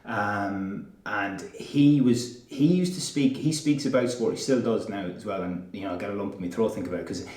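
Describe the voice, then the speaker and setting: A man's voice: on the low side, moderate pace, few pauses, darkish tone, roomy sound, far from the mic. A man in his thirties from Ireland with a Sligo accent, talking casually as an interview guest, rambling with lots of fillers and restarts and laughing easily. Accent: Irish, Sligo.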